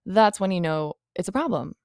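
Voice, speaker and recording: A young woman with a lowish, smooth, resonant voice, recorded dry and close. She hosts her own podcast alone, rambling through her thoughts in a frank, confessional way and cursing without hesitation. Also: animated, fairly quick, darkish tone, no echo. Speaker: podcast host. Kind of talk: candid solo podcast monologue.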